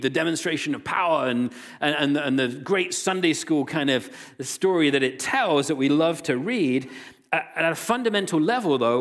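A male pastor preaching a sermon, reading scripture aloud and retelling the story with lively voiced quotes. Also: on the high side. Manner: animated storytelling, voicing quoted characters.

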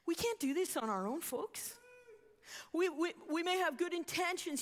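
High-voiced woman preaching in a hall. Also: moderate pace. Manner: animated storytelling, acts out quoted voices. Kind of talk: sermon. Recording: long reverb of a hall.

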